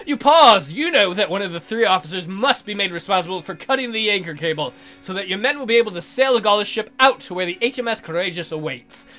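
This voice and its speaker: Bright, lively-voiced man reading a game. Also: high-pitched. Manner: playful, bursts into silly put-on voices and shouts. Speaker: let's play host. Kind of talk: reading a text adventure aloud with jokey commentary.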